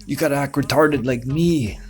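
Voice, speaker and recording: A man putting on a mocking impression of an eager, giddy male podcaster in an exaggerated high voice. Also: moderate pace, darkish tone, close to an everyday voice.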